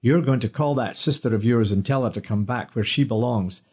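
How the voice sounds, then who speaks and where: A man's voice: medium pitch, brisk, a little mellow, husky, natural voice. A man voicing a violent, bullying brother-in-law who snarls and sneers. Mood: menacing.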